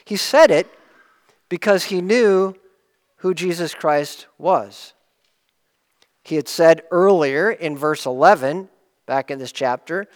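High-voiced preacher in an echoing hall. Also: male voice, slow, long pauses. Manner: earnest, explanatory, rises for emphasis and drops low at the close of points. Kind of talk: sermon.

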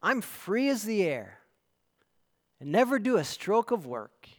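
A man doing a smug wild donkey, a boastful male beast from a fable who taunts a laden friend in a raised, lively voice. The voice rings out loudly through a long, echoing hall. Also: sits high, unhurried, voice pushed up. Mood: gloating. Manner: mocking, gloating.

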